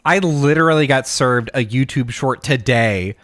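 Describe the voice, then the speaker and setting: A man's voice: medium pitch, moderate pace, fairly bright tone, dry recording, clean studio sound. A man co-hosting a podcast in casual chat, laid-back, chuckling often and trailing off mid-thought. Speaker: podcast co-host.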